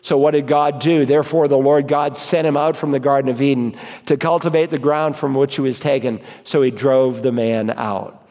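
A man, a pastor, preaching an emphatic sermon and reading scripture slowly and deliberately. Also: fairly high pitch, a little mellow. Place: church sanctuary. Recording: long reverb of a church hall.

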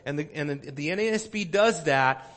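A man preaching a sermon in a church, his voice sitting a little high for a man. He teaches earnestly, restarting phrases and filling pauses as he works through a text. The sound rings with the long reverb of a large hall. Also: animated, fairly bright tone. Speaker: pastor. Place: church sanctuary.

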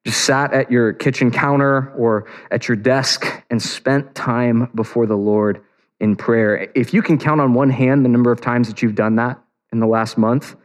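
A man preaching a sermon in a relaxed, conversational tone, often restarting phrases as he retells the story with animated flair. His voice sits at an ordinary middle pitch. It rings out with a long reverb, as in a large church hall. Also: normal speed.

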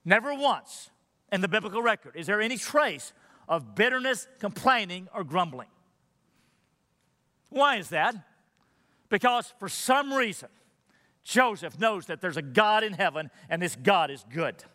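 A male pastor preaches in a church sanctuary, his bright, forceful voice ringing out with a long echo from the large hall. He talks in an emphatic preaching manner. He swings from loud exhortation to near-whispered prayer. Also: high voice, sing-song, a little slow, long pauses. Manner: emphatic preaching, rising loud then dropping to a hushed prayer. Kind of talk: sermon.

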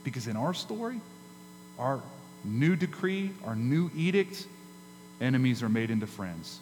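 A man preaching a sermon as pastor, emphatic, with dramatic pauses and rises in his delivery. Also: medium pitch, sing-song, darkish tone. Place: church sanctuary. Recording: hall reverb with faint mains hum.

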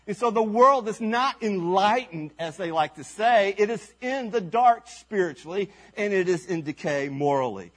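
A man's voice: high voice, moderate pace, few pauses, a bit bright. A man preaching a sermon as pastor at a church service, speaking emphatically with rhetorical questions and repeated phrases.

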